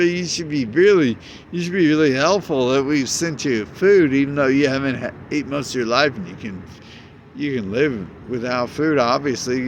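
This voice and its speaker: A man's voice: medium pitch, background noise. A man in a rambling, agitated monologue, cursing often and jumping between ideas.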